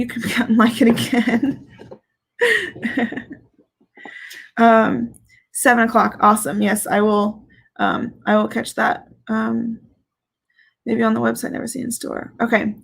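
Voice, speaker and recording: A woman's voice: a little high, steady tone, unhurried, creaky, pauses often, breathy edge. A woman hosting a casual livestream as a fragrance reviewer, speaking candidly and playfully, swearing freely and laughing often. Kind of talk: casual livestream chat, reading viewer comments.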